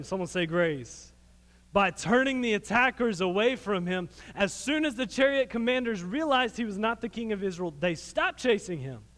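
A man preaching a sermon, retelling a story in an animated, folksy way. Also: high voice, big-room sound.

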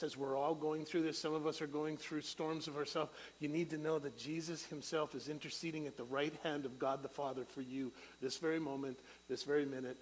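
A middle-aged man delivers a sermon with a voice pitched a little high for a man. He preaches with passion, climbing to loud, soaring peaks and then falling back to quiet, low-voiced prayer. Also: a little hiss or hum, low-quality recording.

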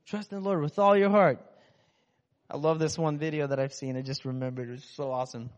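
A man's voice: a little high, steady tone, a little fast. A man preaching a casual, joking sermon as a pastor, talking in a loose conversational way. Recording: muffled in a reverberant hall.

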